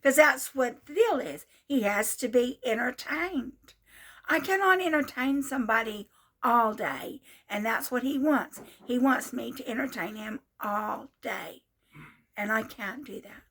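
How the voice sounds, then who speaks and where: Woman in her 60s, high-pitched voice, casual vlog monologue, repetitive, exasperated retelling. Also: animated, unhurried, a bit bright. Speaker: vlogger.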